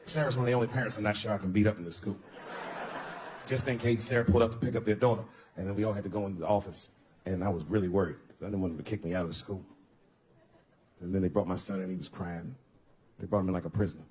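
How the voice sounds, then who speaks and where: A man doing stand-up comedy, telling a story and acting out other people's voices with lively jumps in pitch. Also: fast, long pauses, slight background noise. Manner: animated, acts out voices of son and wife with big pitch jumps. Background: audience laughter.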